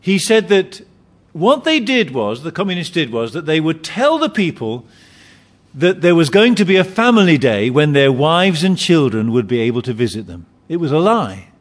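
A man's voice: fairly high pitch, sing-song, normal speed. Man preaching a sermon, swoops up and down a lot, keeps restarting words. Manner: emphatic, repeats and restarts phrases.

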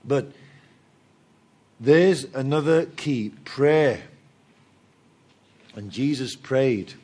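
A man's voice: mid-range voice, very slow, mellow. A man preaching a sermon with humor, acting out little dialogues and chuckling at his own jokes.

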